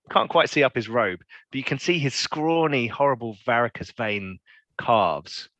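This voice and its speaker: A man's voice: medium pitch, lively intonation, moderate pace, fairly bright tone, dry recording, highs cut off. A man narrating as game master in a tabletop game, playful and rambling with fillers.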